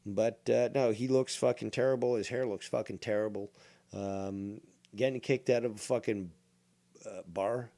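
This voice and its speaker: A man's voice: on the low side, fairly even intonation, moderate pace, mellow. Guy in his 40s ranting on a stream, sarcastic, cussing constantly. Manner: mocking, exasperated, swears a lot. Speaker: streamer reacting to a call-in clip. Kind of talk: profane live-stream commentary.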